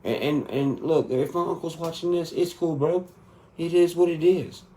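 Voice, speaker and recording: A man's voice: on the high side, normal speed, dark tone. A man in his thirties delivering an angry, profane spoken rant inside a song. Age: 30s. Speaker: country rap artist.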